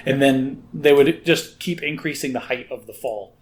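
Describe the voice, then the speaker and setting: A man's voice: medium pitch, normal speed. A man co-hosting a podcast in casual chat, teasing and joking with his friend. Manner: teasing, jokey, animated. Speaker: podcast co-host.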